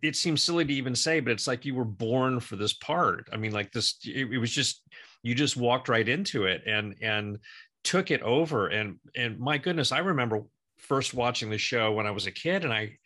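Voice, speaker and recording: An enthusiastic middle-aged man co-hosts an interview in casual chat, often restarting his sentences. His voice is bright and his pitch moves in lively swings. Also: normal speed. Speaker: interview co-host, former child actor.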